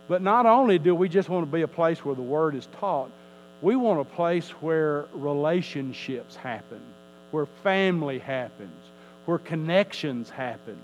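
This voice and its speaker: A man's voice: a little high, a little hiss or hum, low-quality recording. Emphatic preaching pastor, man. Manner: emphatic preaching with rising and falling delivery, repeats words. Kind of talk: sermon.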